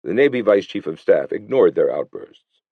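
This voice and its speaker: A man with a very deep voice reads an audiobook in measured scripted narration. His delivery is lively in pitch. The recording is dry and slightly dull. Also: slightly rough, dry recording.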